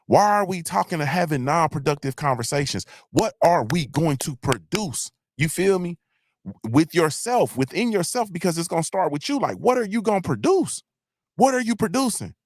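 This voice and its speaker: A man's voice: fairly high pitch, very animated, moderate pace, no room sound, studio quality. Blunt, emphatic man hosting a live show. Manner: emphatic, repetitive, often asks "you feel me?"; blunt, uses profanity. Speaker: host of a live morning show. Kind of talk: casual motivational livestream talk.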